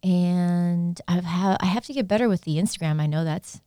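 A woman from Iowa, a guest musician, chatting casually in an interview, animated and quick to laugh. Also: on the low side, no room sound, studio quality. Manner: chatty and animated, laughs easily, spells words out.

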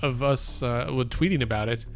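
A man co-hosting a podcast, chatting in a relaxed way about politics. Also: mid-range voice, moderate pace, gravelly. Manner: relaxed, reads aloud in his own plain voice. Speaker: podcast co-host. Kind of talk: casual political chat.

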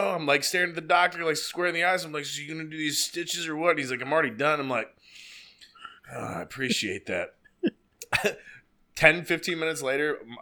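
A man telling a story in casual, profane chat, animated and laughing as he goes. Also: on the high side.

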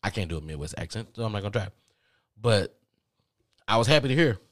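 A Southern-accented podcast host with a fairly low voice tells a comic story, animatedly acting out both sides of a phone call in quick voices. The studio sound is clean, with no echo.

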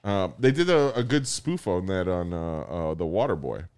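A man's voice: low voice, lively intonation, normal speed, darkish tone, clean tone. A man co-hosting a podcast, trading crude jokes in casual chat, laughing often and rambling with fillers.

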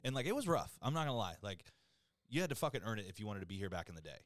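A young man hosting a podcast, telling stories in an animated way, swearing a lot and mimicking other people. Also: fairly low pitch, rapid-fire, dry recording, studio quality. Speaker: podcast host. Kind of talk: casual chat.

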